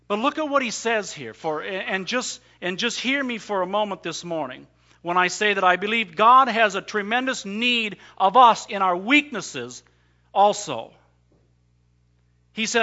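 A man's voice: high-pitched, pushed and bright, dull audio. A man preaching a sermon emphatically, voicing scripture in the first person. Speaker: pastor.

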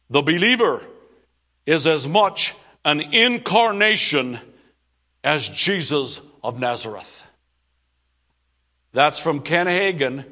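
Emphatic high-voiced male preacher. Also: pushed and bright. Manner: emphatic, reads quotes then rebuts them. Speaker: pastor. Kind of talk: sermon.

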